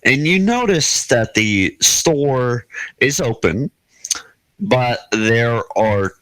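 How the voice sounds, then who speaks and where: Male game master, relaxed and unhurried, close dry mic, halting restarts. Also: mid-range voice, dry recording, poor audio. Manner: laughs often, halting restarts. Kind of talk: narrating a tabletop game.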